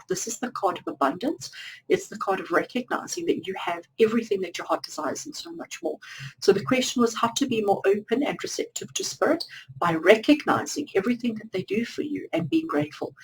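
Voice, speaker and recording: A woman's voice: mid-range voice, a little mellow, distant mic, a little hiss or hum, poor audio. A woman doing a pick-a-card tarot reading, talking earnestly and encouragingly straight to the listener.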